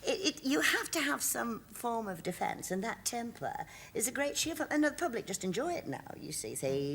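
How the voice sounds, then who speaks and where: Husky woman in her sixties. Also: on the high side, very animated, normal speed, hardly any pauses, fairly bright tone. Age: 60s. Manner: chatty anecdotal storyteller, laughing often. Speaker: actress, talk show guest. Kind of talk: casual chat. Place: TV studio.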